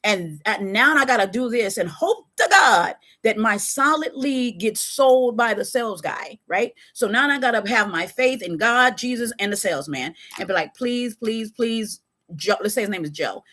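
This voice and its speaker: A woman talking casually on a live stream, animated and conversational, speaking straight to her viewers with a Californian American accent. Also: mid-range voice, normal speed, few pauses. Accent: Californian American English. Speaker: webcam model giving advice on a live stream.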